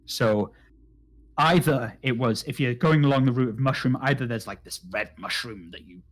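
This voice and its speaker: A man narrating a tabletop game as game master, halting with many restarts. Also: mid-range voice. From United Kingdom.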